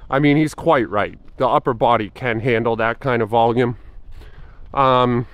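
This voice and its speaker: A man's voice: medium pitch, clean tone. A man in his forties talking casually in a fitness vlog, thinking aloud with frequent fillers and restarts. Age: 40s. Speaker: fitness vlogger.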